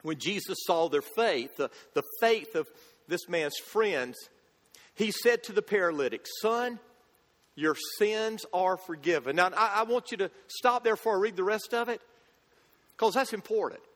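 A man, a pastor, preaching an earnest sermon that swings between loud and hushed, often restarting his words. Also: high-pitched, expressive, normal speed. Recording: echoey hall with long reverb.

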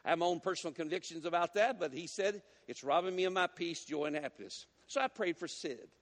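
High-voiced preacher in an echoing hall. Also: male voice, quick pace. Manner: folksy, animated, teasing the congregation. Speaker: guest preacher. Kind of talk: sermon with storytelling. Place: church sanctuary.

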